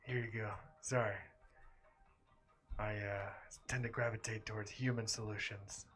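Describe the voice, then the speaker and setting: A man playing a masked man searching for his lost brother in a tabletop role-play, speaking in a measured, hesitant way. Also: fairly low pitch, steady tone, fairly bright tone, close to an everyday voice. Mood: earnest.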